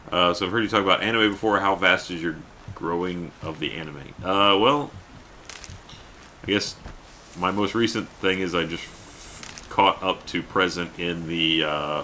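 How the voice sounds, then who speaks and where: A male streamer chats casually while he plays, rambling playfully and reading out his chat. His voice is very deep but bright and forceful. Faint noise hums under it. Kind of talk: casual live-stream commentary.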